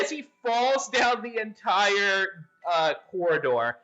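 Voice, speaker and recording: A man's voice: high-pitched, very animated, slow, pushed and bright. A man running a tabletop game as game master, narrating with lots of hesitant fillers. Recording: dull lo-fi audio.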